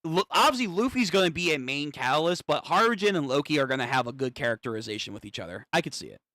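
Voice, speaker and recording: A man streaming a live manga reaction, thinking aloud, swearing and getting excited as he reads. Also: on the high side, fast, no echo, clean studio sound.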